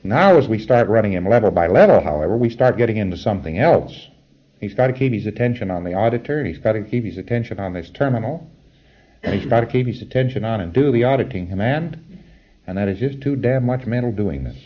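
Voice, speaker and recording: A man's voice: fairly low pitch, lively intonation, fast talker, highs cut off. A man giving an informal, rambling spoken lecture in a conversational way. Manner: rambling, conversational, chuckles at his own asides.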